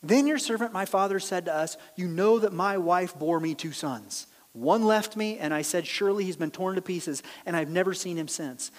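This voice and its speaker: A man preaching a sermon, reading scripture aloud and acting out the characters' reactions in a lively, animated way. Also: high voice, moderate pace, few pauses. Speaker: pastor. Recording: long hall reverb.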